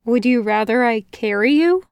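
A woman's voice: a little high, animated, moderate pace, clear, resonant tone, no echo, dull audio. A woman reading an audiobook voices a brooding male fae prince who snaps and hisses with anxious tension, staying close to her own voice. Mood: gruff snapping. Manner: tense, snapping, hissing.

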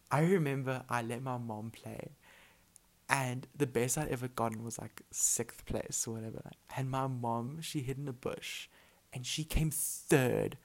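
A young man talks alone into his podcast in a loose, rambling way, packing in filler words. He slurs his words together a bit. His voice sits in an ordinary middle pitch. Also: creaky. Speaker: podcast host. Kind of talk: casual solo podcast chat.

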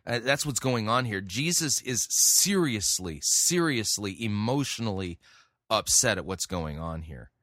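A man preaching a sermon, reading scripture aloud and then explaining it in an earnest, halting way with many restarts. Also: on the low side, animated, a bit bright, dry recording, clean studio sound. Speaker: pastor. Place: church.

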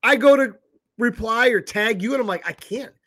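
High-pitched dude chatting blunt and profane, casual banter. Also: male voice, normal speed, a bit bright. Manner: blunt, swears freely. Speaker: podcast co-host.

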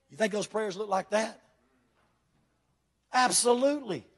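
High-voiced preacher, fervent. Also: male voice, lively intonation, moderate pace, long pauses, fairly bright tone. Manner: fervent, emphatic preaching with direct questions to the congregation. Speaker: pastor. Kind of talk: sermon. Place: church before a congregation.

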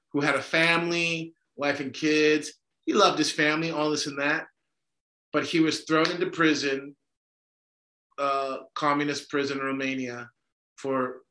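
A man's voice: mid-range voice, sharp tone. A man co-hosting a podcast, talking emphatically and discursively, often checking in with "right?". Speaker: podcast co-host. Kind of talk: conversational discussion. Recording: echoey room.

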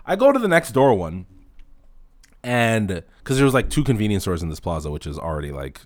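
A man hosting a casual solo podcast, telling profane stories in an animated way and acting out the dialogue. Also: fairly low pitch, brisk, no echo, clean studio sound. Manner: acts out dialogue in anecdotes. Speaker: podcast host.

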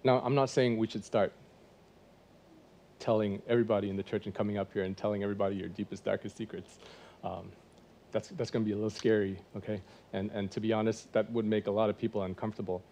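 A man's voice: on the low side, flat delivery, fast, mellow, a little hiss or hum. A man in his forties preaching a sermon in a church, conversational and full of rhetorical questions. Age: 40s. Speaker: pastor.

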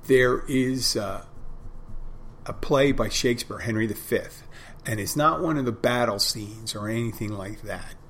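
A man's voice: medium pitch, a little slow, a bit bright, a little hiss or hum. A man hosting a podcast, talking alone in a reflective, rambling way with frequent restarts. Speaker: podcast host. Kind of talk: casual monologue.

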